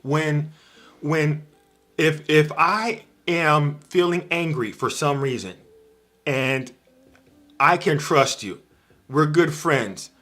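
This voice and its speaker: A man's voice: on the high side, slow pace, pauses often, bright, forceful tone, faint music behind. A man giving an informal livestream sermon, emphatic and repeating his key phrases. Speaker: preacher on a livestream.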